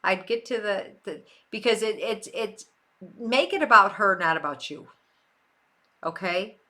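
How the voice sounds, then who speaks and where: A woman's voice: medium pitch, expressive, a little slow, sharp tone. An older woman from Western New York hosting a livestream, chatting casually with viewers and repeating phrases for emphasis. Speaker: livestream host. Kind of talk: casual chat answering viewers.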